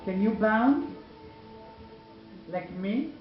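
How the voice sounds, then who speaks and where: A small storybook beetle, played by a woman talks simply and matter-of-factly, at an unhurried pace. The recording is roomy and dull, with music in the background. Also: medium pitch, expressive. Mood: plain. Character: small bouncy beetle who only jumps.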